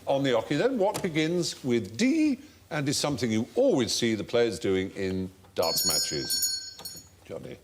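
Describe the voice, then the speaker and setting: A man hosts a comedy quiz show in a studio, telling anecdotes and teasing the panel. His pitch swings widely as he tells the story. A faint hiss sits under the voice. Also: a little slow. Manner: animated anecdotal, puts on voices for quotes. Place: TV studio before an audience.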